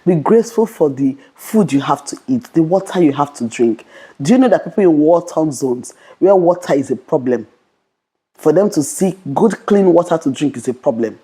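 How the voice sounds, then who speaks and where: A young adult woman vlogger giving a fast, bold motivational Christian talk to camera, often repeating "okay". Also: deep voice, lively intonation, mellow, breathy edge.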